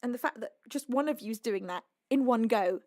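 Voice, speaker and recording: Brief: young British woman streamer, crying happy tears, high and very lively voice, breathless. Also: moderate pace, dry recording, clean studio sound. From United Kingdom. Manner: emotional, breathless, laughing through tears. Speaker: livestream singer and host. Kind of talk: casual livestream chat, reading out donations.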